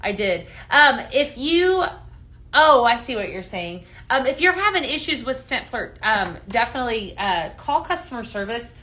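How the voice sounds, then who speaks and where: A woman hosting a live home-fragrance sales stream, chatting casually, greeting viewers by name and filling pauses with ums. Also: on the high side, big pitch swings, sharp tone. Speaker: live shopping show host.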